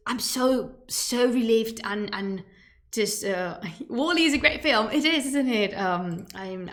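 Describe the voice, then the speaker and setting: A woman whose first language is Spanish, a streamer chatting playfully before starting a history lecture, with emphatic, wandering asides. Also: mid-range voice. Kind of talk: casual chat leading into a history lecture.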